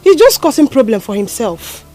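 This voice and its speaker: A woman's voice: a little high, very animated, moderate pace, darkish tone, soft background music. A woman with a Nigerian accent playing a village wife who gossips scornfully about a rival. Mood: gossipy.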